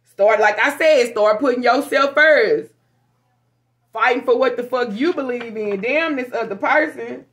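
A woman giving a casual, profane tarot reading to her viewers, frank and animated. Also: on the high side, measured pace. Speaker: tarot reader.

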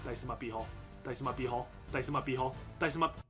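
A man giving casual commentary over his football video game, excitable, swinging from low muttering to yelling at the game. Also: brisk, faint music behind. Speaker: gameplay commentator.

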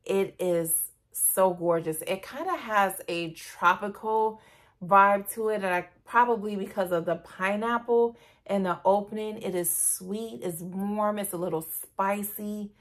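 A woman's voice: mid-range voice, measured pace. A woman beauty vlogger chatting casually and gushingly to her viewers in a perfume review. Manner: gushing, chatty, addresses viewers as "you guys".

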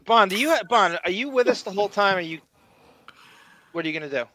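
A man's voice: high-pitched, lively intonation, fast talker, pushed and bright, no room sound. A man with a Long Island accent hosting a casual live-stream chat, rambling and self-deprecating. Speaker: show host.

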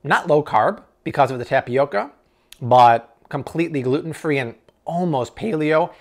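A man's voice: fairly high pitch, moderate pace. A man in an enthusiastic grocery haul review, exclaiming and tasting products on camera. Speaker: food vlogger.

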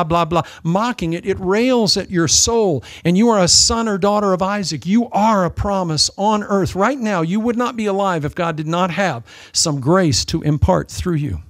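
A man preaching with real animation, slipping into little voices to act out mockers. His voice sits a touch high for a man. The sound is close and dry, with no room around it. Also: dry recording. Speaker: pastor. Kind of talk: sermon.

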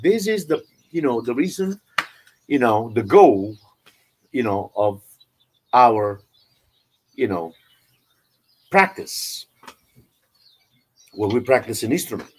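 A man with an Italian accent teaching an online drum lesson, loosely explaining with many "you know"s and counting beats out loud. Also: medium pitch, a little hiss or hum. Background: drum playing.

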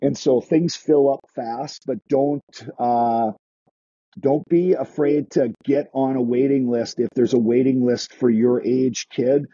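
A man's voice: medium pitch, fairly even intonation, slow, warm tone, breathy edge, dry recording. Man, skating instructor, casual interview talk, dry and dull lo-fi sound. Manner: chatty, restarts sentences, acts out quoted kids.

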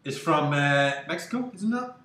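A man's voice: on the high side, lively intonation, moderate pace. A Scottish man bantering over beer in a photo studio, swearing and poking fun at himself. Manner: self-mocking, swears, laughs. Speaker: co-host. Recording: echoey room, distant mic, noise.

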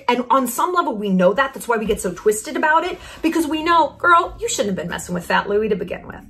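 A woman hosting her own vlog, talking bluntly and profanely with strong opinions and lively asides. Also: fairly high pitch, brisk. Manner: animated, drops into asides and mock quotes. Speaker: vlogger host. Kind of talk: casual commentary vlog.

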